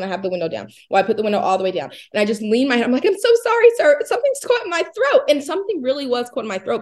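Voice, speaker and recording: A woman in her thirties talks quickly and at length. She chats casually as a co-host and rambles through her stories, acting out the voices of the people in them. Her pitch sits in a middle range. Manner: rambling storyteller, animated quoting. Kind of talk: casual chat.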